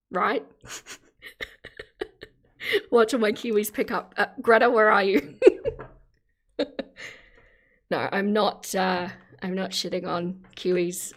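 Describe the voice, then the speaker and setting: An Australian woman hosting a live stream, chatting casually with viewers, laughing often and enunciating carefully. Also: medium pitch. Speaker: livestream host.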